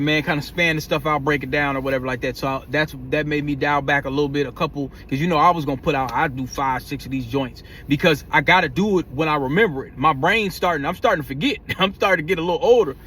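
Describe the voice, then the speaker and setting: A man's voice: on the high side, fairly bright tone, slight background noise. A man talking casually in a vlog, rambling with slang and frequent stumbles and repeated words. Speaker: vlogger.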